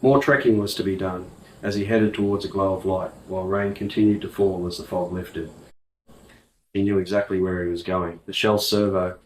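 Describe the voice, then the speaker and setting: A man reading an audiobook in a slow, measured way. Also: sits low, steady tone, roomy sound, distant mic, poor audio. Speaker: audiobook narrator. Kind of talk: scripted narration.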